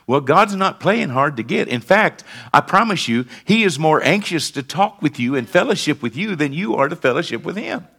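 A male pastor preaching in a church, with a high, bright voice that swings widely in pitch. He talks to the congregation in a chatty way and then builds to forceful, emphatic points. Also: expressive, moderate pace, vocal fry, few pauses, breathy edge. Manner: conversational preaching, rising to emphatic declarations. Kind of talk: sermon.

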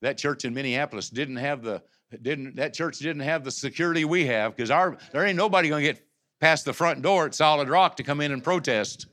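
Fiery man preaching with a bright edge. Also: fairly high pitch, fairly quick. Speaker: pastor. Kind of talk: sermon. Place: church sanctuary.

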